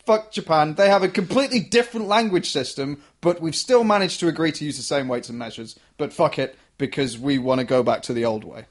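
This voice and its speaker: A man's voice: a little high, fairly quick, hardly any pauses. A man co-hosting a podcast in casual, blunt, sarcastic chat, swearing freely.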